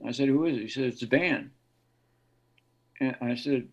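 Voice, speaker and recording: A man's voice: mid-range voice, moderate pace, low-quality recording. A man, a guest guitarist, telling stories in a casual interview and acting out the voices of people he quotes. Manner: animated storyteller, acts out quoted voices.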